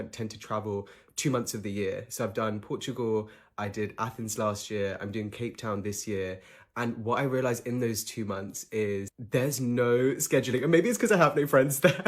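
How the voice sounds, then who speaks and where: A young man musing in a casual selfie vlog, chatty and reflective. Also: mid-range voice.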